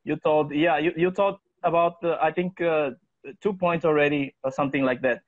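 A man, co-hosting a casual English-teaching livestream, halting and full of fillers. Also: fairly high pitch, steady tone, no echo, narrow, tinny audio. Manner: halting, many fillers and restarts.

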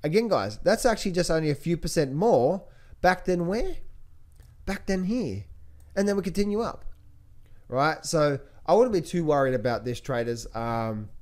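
Emphatic man with a slightly high voice. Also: expressive, moderate pace, darkish tone. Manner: emphatic, repeats phrases, keeps addressing viewers as traders and guys; restless with many restarts and fillers. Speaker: trading coach and channel host. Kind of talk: stock market commentary.

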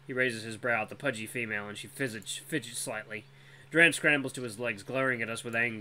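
A storyteller narrating a fantasy story in the first person, with a casual, expressive reading and the odd self-correction. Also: mid-range voice, a little fast. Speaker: storyteller, channel host.

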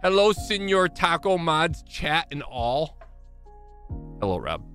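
A man's voice: fairly high pitch, very animated, slow pace, pushed and bright. Brief: Michigan-accented male streamer, rambling, self-mocking, faint music behind. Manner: rambling, self-mocking, greets chat by name. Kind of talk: casual live-stream chat. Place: small home gaming room.

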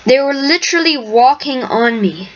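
Animated and at a normal speed, a woman with a voice that sits high hosts her own game video. She comments live on the play in a chatty, rambling way and occasionally whispers. The recording is from a dull lo-fi mic with faint hiss.

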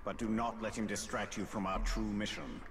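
An actor playing a grave, commanding male elf wraith in a video game, stern and measured. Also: fairly low pitch, fairly even intonation, a bit bright, big-room sound.

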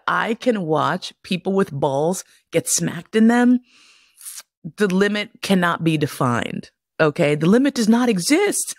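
With a deep, creaky voice captured in studio quality with no echo, a middle-aged woman tells stories on her podcast. Her casual monologue is profane and punctuated by frequent laughter.

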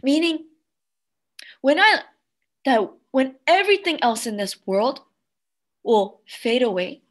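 A woman children's pastor giving a heartfelt sermon with a personal testimony, slow and earnest, sometimes dropping to a soft near-whisper. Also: high voice, very animated.

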